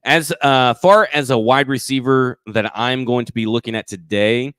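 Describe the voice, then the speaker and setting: A man at a middle pitch hosts a live sports show in casual chat. He reads out measurements and numbers with growing excitement, sometimes tripping over his words. The sound is dry and close, with no room around it. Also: moderate pace, smooth, no echo. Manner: stat-heavy, enthusiastic, stumbles over words. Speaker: sports podcast co-host.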